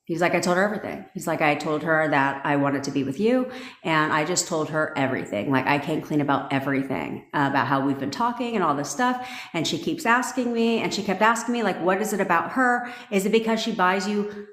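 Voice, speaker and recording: A low-voiced woman tells a story on a livestream, brash and full of swearing, her words tumbling out fast. Her voice bounces around a roomy, echoey space. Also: fairly bright tone. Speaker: manifestation coach.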